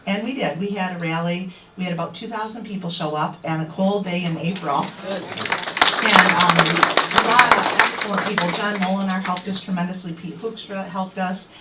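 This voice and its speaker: A woman's voice: on the low side, normal speed, very noisy. A woman activist telling a crowd an indignant story and acting out what others said. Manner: indignant, quoting others in animated voices. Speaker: activist speaker. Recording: echoey, distant mic.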